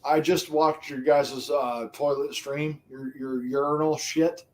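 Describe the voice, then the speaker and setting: A middle-aged, retired man chatting on a livestream, animated, profane and laughing often. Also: on the high side, takes it slowly, a little hiss or hum. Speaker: livestream co-host. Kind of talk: casual stream chat.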